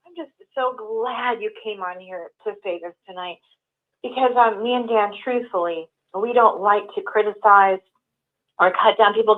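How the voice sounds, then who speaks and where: A woman co-hosting a call-in show, speaking earnestly in long flowing runs. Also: medium pitch. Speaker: co-host. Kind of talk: heartfelt call-in talk. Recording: tinny phone-line audio.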